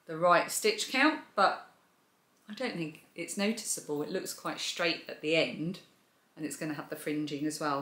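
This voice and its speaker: A woman's voice: sits low, a bit bright. Chatty woman, echoey room. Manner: chatty and enthusiastic, gushing about yarn. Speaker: crochet and knitting channel host. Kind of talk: casual show-and-tell vlog.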